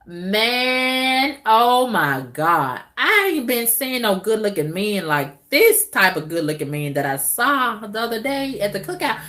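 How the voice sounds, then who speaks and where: A middle-aged woman vlogging in a candid, casual monologue to her viewers, drawling with loud whoops and exclamations. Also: mid-range voice.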